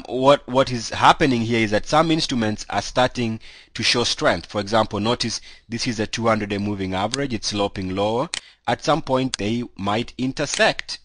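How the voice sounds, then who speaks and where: A mid-range, fairly bright male voice, with a little hiss or hum in the background. He has a cold and hosts a casual stock market commentary, walking through charts loosely and conversationally with lots of "you know."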